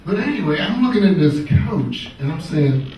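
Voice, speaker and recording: Lively stand-up comedian in a roomy club. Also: male voice, fairly high pitch, moderate pace. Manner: animated, playful delivery with quoted voices. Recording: roomy club sound from a distant mic. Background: audience laughter.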